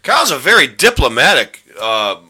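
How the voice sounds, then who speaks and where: A man's voice: medium pitch, sing-song, normal speed, pushed and bright, slightly rough. A man hosting a casual podcast chat, rambling and joking, often stumbling over his words. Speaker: podcast host.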